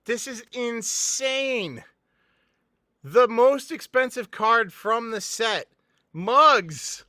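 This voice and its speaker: A young man hosting a live card-pack opening stream, talking to chat from a laptop mic and bursting into laughs and shouts. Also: extremely high pitch, animated, extremely slow, no room sound, studio quality. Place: indoors at a computer. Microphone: laptop camera mic.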